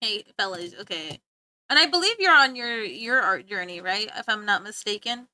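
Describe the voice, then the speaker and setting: A woman's voice: medium pitch, animated, normal speed, sharp tone. A woman streaming live, chatting casually with her viewers, often giggling and talking back to chat. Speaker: livestreamer.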